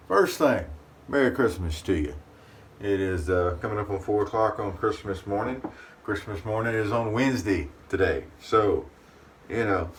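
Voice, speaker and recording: A man hosting his shaving channel, chatting casually to the camera in a folksy way from his bathroom. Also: fairly low pitch. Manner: folksy, talks about himself in third person. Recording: distant mic with faint room noise.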